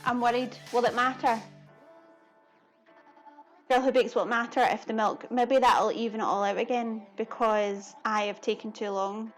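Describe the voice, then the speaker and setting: A woman's voice: a little high, little pitch movement, moderate pace, faint music behind. A woman chatting casually to her viewers during a live cooking stream, giggling often.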